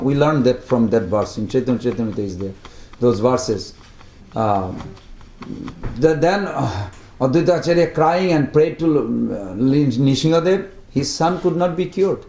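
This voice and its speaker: A man's voice: a little high, animated, measured pace, a little mellow, a little hiss or hum. A man leading a study group, telling a devotional story in broken English, chanting verses and acting out what the characters say. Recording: roomy echo.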